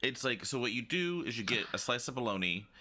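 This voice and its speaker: A man chatting casually about food, playful and animated, with exaggerated asides. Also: medium pitch, brisk. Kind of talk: casual chat.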